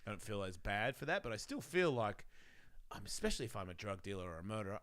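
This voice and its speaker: A man's voice: fairly low pitch, fast. A middle-aged man hosting a radio talk show, chatting casually and profanely and acting out the people he quotes. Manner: animated, acts out the people he quotes. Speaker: radio host and podcaster.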